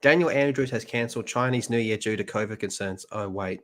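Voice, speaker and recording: A man's voice: medium pitch, fairly quick, a little hiss or hum. A man with an Australian accent, co-hosting a podcast, chatting bluntly and reading out comments. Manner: blunt and crude. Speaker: podcast co-host. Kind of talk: casual chat, reading out comments.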